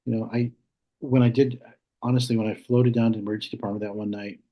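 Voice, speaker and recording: A man in his fifties, a guest on a podcast, with a husky, breathy voice. He tells stories with animation and acts out the back-and-forth. The recording sounds a little muffled and lo-fi. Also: medium pitch, quick pace. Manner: animated storyteller acting out dialogue. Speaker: guest, emergency nurse. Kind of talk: casual conversational interview.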